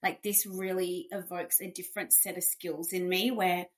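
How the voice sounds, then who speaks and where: A woman's voice: fairly low pitch, little pitch movement, moderate pace. A woman hosting a podcast in a chatty, upbeat way, full of fillers and asides. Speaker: podcast host. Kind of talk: casual chat.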